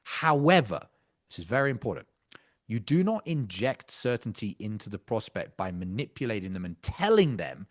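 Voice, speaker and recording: Animated, emphatic male sales coach. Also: fairly low pitch, normal speed. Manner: emphatic, intense, casually swearing. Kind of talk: coaching commentary on a practice sales call.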